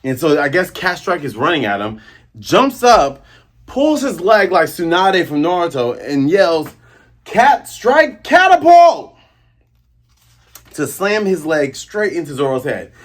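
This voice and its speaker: A man hosting a casual manga chapter review, excitable and acting out scenes as he goes. His voice is husky and a little breathy. His pitch swings widely and lively. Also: normal speed. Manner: animated, excitable, acts out scenes.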